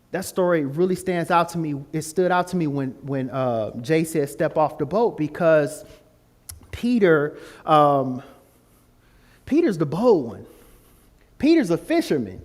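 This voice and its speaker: A man giving a testimony talk to a student group, telling his story in a casual way and acting out the voices in it. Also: normal speed. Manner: animated storytelling, acts out voices with high pitch jumps; casual, informal grammar. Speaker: guest speaker.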